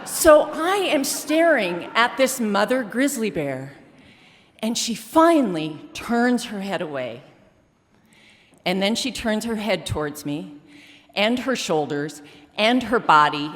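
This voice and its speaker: A woman's voice: medium pitch, very animated, slow, a bit bright. A woman performing a comic, self-mocking personal story on a theater stage before a live audience. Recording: reverberant theater hall.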